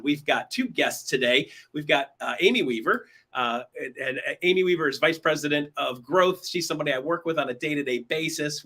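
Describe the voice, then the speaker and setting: A man's voice: a little high, pushed and bright. A man hosting a weekly online show, chatting in an upbeat, casual way with fillers and restarts. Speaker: host. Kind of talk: casual livestream talk show.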